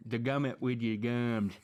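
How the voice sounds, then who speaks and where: A man's voice: mid-range voice, a little mellow. A middle-aged man co-hosting a food-tasting show, cracking goofy and crude jokes. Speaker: show co-host. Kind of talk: playful food-tasting banter.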